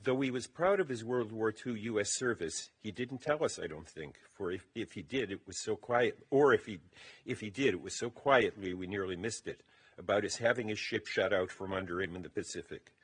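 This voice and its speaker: A man with a low, slightly husky voice gives a eulogy at a funeral service. He reads his remarks at a measured pace. The delivery is steady and deliberate. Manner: measured, reading from a text.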